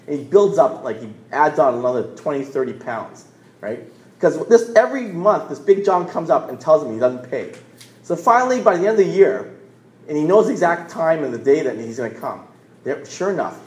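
A man's voice: fairly high pitch, very animated, a little fast, darkish tone. A man, preaching a sermon in a conversational storytelling way. He often restarts words and checks in with "right?". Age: 40s. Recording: roomy echo.

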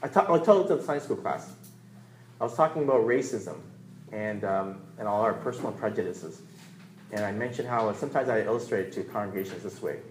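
A man's voice: lowish voice, brisk, a little hiss or hum. A man teaching as a pastor in a church room, earnest and emphatic, stressing and repeating key words. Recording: echoey room.

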